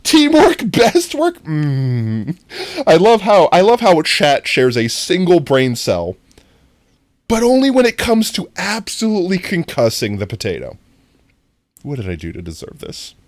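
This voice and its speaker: A live streamer chatting casually to viewers while playing, goofy and rambling, often breaking into high laughter. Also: big pitch swings, a little slow, no echo. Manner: talks directly to chat. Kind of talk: casual gameplay stream chat.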